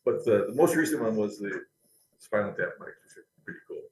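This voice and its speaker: A man's voice: fairly low pitch, animated, brisk, darkish tone. A man, a company historian, telling anecdotes in an interview, chatty and laughing now and then. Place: company building. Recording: roomy echo.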